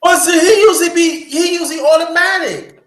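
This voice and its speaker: A man hosting a casual football chat, animated and swearing, often restarting his sentences. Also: very high-pitched, brisk, reverberant, crowd noise.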